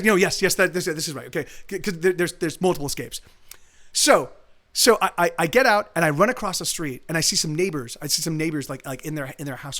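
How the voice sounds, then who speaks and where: Guy on a stream rambling through a crazy story, fast and high-pitched. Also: a bit bright. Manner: rambling, restarts often, swears. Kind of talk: casual storytelling. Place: home streaming setup.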